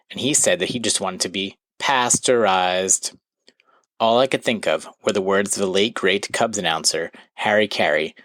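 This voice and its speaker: A man with a deep voice telling a string of puns in a dry, apologetic way. The sound is close and dry, with no room around it. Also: a bit bright, no echo, poor audio. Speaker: stand-up comic. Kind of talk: pun-heavy stand-up bit.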